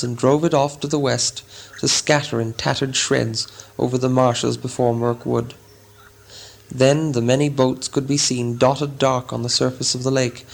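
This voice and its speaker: A man reading a fantasy story aloud in a dramatic, deliberate storytelling manner. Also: mid-range voice, vocal fry. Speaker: audiobook narrator. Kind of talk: scripted narration.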